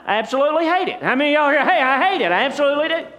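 A man's voice: very high voice, lively intonation, rapid-fire, sharp tone. A middle-aged man preaching a sermon as pastor, in a folksy storytelling way with rhetorical asides to the congregation.

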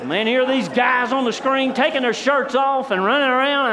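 A man's voice: very high voice, moderate pace, hardly any pauses, pushed and bright. A middle-aged man preaching a sermon as pastor, in a folksy storytelling way with rhetorical asides to the congregation.

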